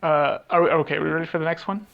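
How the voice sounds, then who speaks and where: A man co-hosting a podcast, talking casually in a raised, gravelly voice. He rambles and trails off mid-thought, then picks the thread back up. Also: a little high, fairly even intonation, quick pace, highs cut off. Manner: rambling, trails off hunting for titles. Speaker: podcast co-host. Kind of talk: casual chat.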